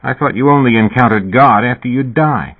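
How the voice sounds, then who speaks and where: A man voicing a weary, sour middle-aged male loner in a low, flat voice. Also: brisk, husky. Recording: tinny phone-like radio sound.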